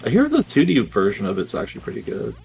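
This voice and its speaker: A man's voice: mid-range voice, wildly swooping pitch, gravelly, a little mellow, faint music behind. A man chatting casually in a gaming commentary, rambling and restarting his sentences. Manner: rambling, halting, many restarts.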